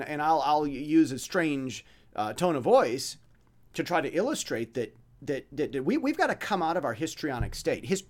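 Stammering, lively-voiced male podcast host. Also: medium pitch. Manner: stammering, frequent restarts, blunt; mimics dramatic voices when illustrating points. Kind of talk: rambling monologue.

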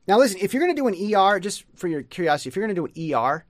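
A man giving a casual pronunciation lesson, rambling and sounding out words slowly. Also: high voice, big pitch swings, no room sound, studio quality. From United States. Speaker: pronunciation teacher.

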